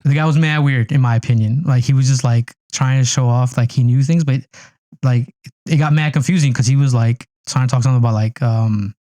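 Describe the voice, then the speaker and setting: A man's voice: mid-range voice, fairly even intonation, brisk, mellow, dry recording. A man co-hosting a podcast, telling a rambling story full of "like" and "yo". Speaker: podcast co-host. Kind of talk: casual chat.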